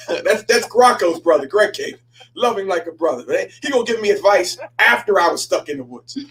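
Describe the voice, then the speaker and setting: A man, a pastor hosting a show, telling a story in a lively sermon style, repeating himself and stumbling over words as he goes. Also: high-pitched, a little fast, slight background noise, poor audio. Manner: animated, repeats himself and stammers.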